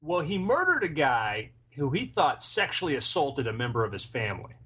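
Man, husky voice, lively pitch, game master, laid-back. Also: normal speed. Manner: laid-back, describing the case. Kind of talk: setting up an improv mystery.

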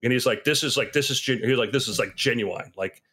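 A man in casual conversation who tells stories with energy and acts out the people he quotes, jumping high and low in pitch. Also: fast, slightly rough. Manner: animated storyteller, acts out quotes with big pitch swings.

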